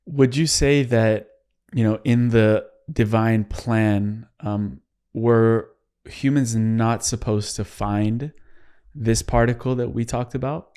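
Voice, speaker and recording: Male interviewer, smooth resonant voice, unhurried and careful. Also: mid-range voice, fairly even intonation, dark tone. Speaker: podcast host. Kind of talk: interview question.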